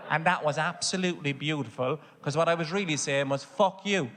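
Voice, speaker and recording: An Irish man tells a sweary stand-up story on a large stage into a handheld mic. His voice sits a touch higher than most men's. A long hall reverb trails each line, with faint audience noise underneath. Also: brisk, hardly any pauses. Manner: storytelling, swears often, builds to shouting. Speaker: stand-up comedian. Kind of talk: stand-up comedy.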